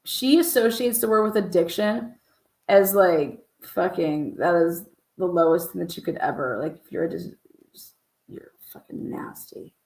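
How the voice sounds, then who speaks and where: A woman's voice: fairly low pitch, normal speed, a little mellow, echoey room. A woman hosting a true crime show, reacting to a clip with profane, incredulous commentary and bursts of laughter. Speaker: true crime podcast host.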